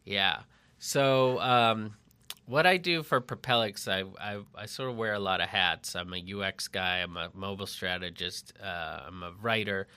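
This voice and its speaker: A man's voice: fairly low pitch, normal speed, bright, forceful tone, clean tone. A middle-aged man from Massachusetts chatting casually on a podcast, rambling and joking, stopping to restart his sentences. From Lexington, Massachusetts. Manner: rambling, self-interrupting, joking. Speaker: mobile strategist and copy editor. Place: separate barn at home.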